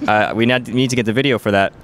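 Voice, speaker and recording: A man's voice: on the low side, fairly even intonation, fast, a bit bright, a little hiss or hum. A man interviewing a player at a gaming event, chatty and playful, with lots of "um" and "like". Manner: chatty, filler-heavy, playful. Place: busy gaming event venue.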